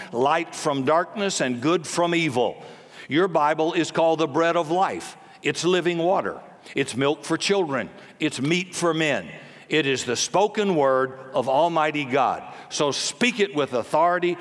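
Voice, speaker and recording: Male pastor, forceful blunt sermon delivery with jokes and barked commands, long hall reverb. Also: on the high side.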